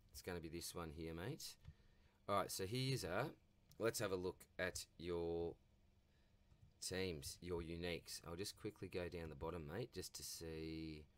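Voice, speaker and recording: A man's voice: lowish voice, fairly bright tone. A man with an Australian accent hosting a casual viewer Q&A, chatty and matey as he answers questions. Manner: chatty and matey, often says mate. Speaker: fantasy football channel host.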